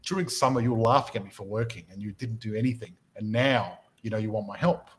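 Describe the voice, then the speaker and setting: A man's voice: lowish voice, fast talker, close to an everyday voice. A man voicing a hard-working male ant in a fable, speaking firmly and matter-of-factly. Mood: reproachful. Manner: firm, matter-of-fact.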